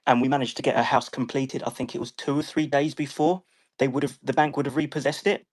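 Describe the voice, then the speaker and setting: A British man calmly telling a personal story to a live chat, steady and relaxed with frequent pauses to think. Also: mid-range voice. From United Kingdom. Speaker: guest sharing a story. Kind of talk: casual storytelling.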